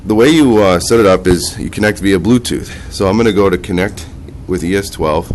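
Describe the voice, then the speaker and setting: Low-voiced nasal man demoing a gadget. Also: darkish tone, a little hiss or hum. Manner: halting, talks while operating a device. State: nasal from a cold. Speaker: product demonstrator. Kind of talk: casual product demonstration.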